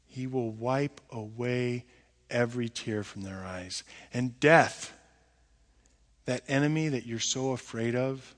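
A man preaching a sermon as pastor, swinging from quiet low murmurs to loud, emphatic high peaks. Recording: long hall reverb.

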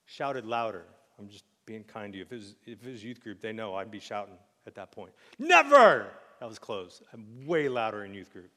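A man preaching a sermon in a casual, joking way, with sudden loud acted outbursts. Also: on the low side, brisk, hardly any pauses, long reverb tail. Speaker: pastor. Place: church sanctuary.

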